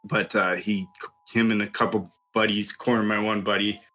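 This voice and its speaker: A man's voice: fairly low pitch, little pitch movement, normal speed, sharp tone. A young man telling a wild story in casual chat, swearing, laughing and acting out what people said. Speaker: podcast host telling a story.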